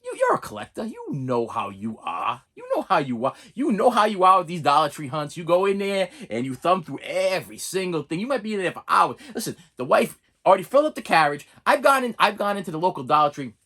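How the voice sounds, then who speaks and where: A man with a husky, slightly breathy voice rambles through a casual monologue for his movie channel. His pitch swings up and down a lot as he stumbles over repeated words, restarts his sentences and chuckles as he goes. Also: sing-song, a little fast, hardly any pauses, fairly bright tone. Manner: chuckles between phrases. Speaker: movie review channel host.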